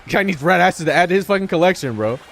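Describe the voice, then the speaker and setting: High-voiced profane streamer man. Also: vocal fry, a bit bright. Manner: profane, sarcastic, rambling chat with viewers. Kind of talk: live-stream commentary while gaming.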